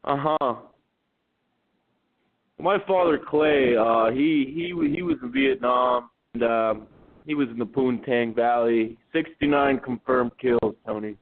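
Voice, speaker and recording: A man's voice: mid-range voice, lively intonation, takes it slowly. Rambling male caller on a phone line. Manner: rambling, hesitant, full of fillers. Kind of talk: call-in talk radio.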